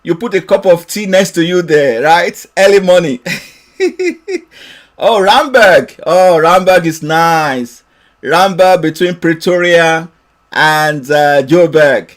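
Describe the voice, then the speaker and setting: A man's voice: a little high, takes it slowly. A man hosting a live trading lesson, cheerfully greeting viewers by name and laughing often.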